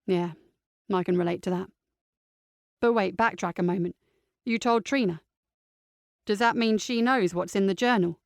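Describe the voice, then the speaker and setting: A woman voicing a calm, caring aunt, speaking low and gently in an audiobook. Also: normal speed, long pauses, no room sound, clean studio sound, natural voice. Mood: soothing. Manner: low and soothing. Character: calm, caring aunt comforting her niece.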